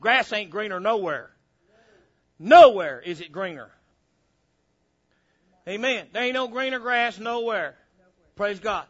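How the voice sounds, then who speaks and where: Animated preacher man. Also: sits high, slow pace, long pauses, lo-fi sound. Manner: animated preaching, acts out little dialogues. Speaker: pastor. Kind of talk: sermon.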